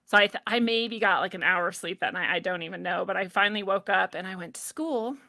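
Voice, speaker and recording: A woman shares a personal story in relaxed, conversational talk. Her voice is bright and forceful, and the recording is close and dry. She laughs often and slips into the voices of people she quotes. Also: mid-range voice, fast, gravelly, no echo. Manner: animated, laughs often, acts out what people said. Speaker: podcast guest.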